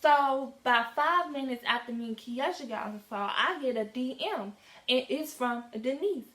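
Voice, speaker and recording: A teenage girl telling a casual storytime in a lively, slangy way, acting out the dialogue as she goes. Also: sits high, moderate pace. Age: teens. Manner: animated, slangy, acts out quoted dialogue. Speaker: vlogger. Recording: echoey room.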